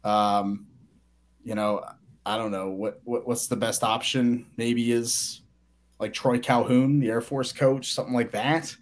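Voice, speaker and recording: A man co-hosting a sports podcast, talking quickly and eagerly in casual chat, often restarting his sentences. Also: mid-range voice, fairly even intonation. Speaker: podcast co-host.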